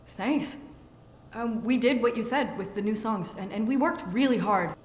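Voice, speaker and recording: A woman's voice: fairly high pitch, moderate pace, breathy edge. An actress voicing an anxious young female dinosaur in a band, hesitant and stammering. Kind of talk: video game voice acting.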